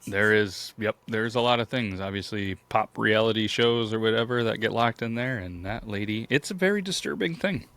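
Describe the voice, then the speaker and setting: A man co-hosting a podcast, making wry, deadpan jokes in casual chat. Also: lowish voice, moderate pace, hardly any pauses, no room sound. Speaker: podcast co-host.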